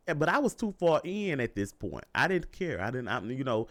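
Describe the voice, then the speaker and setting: A young man, telling a casual storytime monologue in an animated, profane way, repeating lines for emphasis. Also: medium pitch, normal speed.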